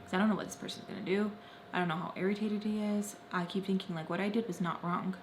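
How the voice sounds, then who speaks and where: A young woman vlogger telling a personal story, repeating phrases intensely and swinging between loud and soft. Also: mid-range voice, fairly even intonation, fast, a little hiss or hum. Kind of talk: emotional story-time narration.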